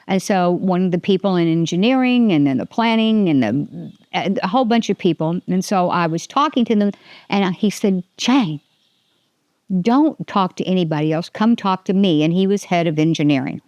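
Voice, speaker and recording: A woman's voice: on the low side, lively intonation, normal speed, a little mellow, dry recording, dull audio. An older woman hosting a casual faith podcast, rambling and restarting her sentences, often laughing. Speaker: podcast host.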